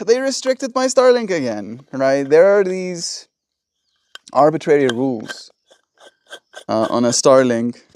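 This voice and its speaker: A man's voice: medium pitch, darkish tone, smooth, dry recording. Exasperated man ranting on a livestream. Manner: exasperated, rambling rant. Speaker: livestream host. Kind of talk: casual livestream chat. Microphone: phone in vertical livestream.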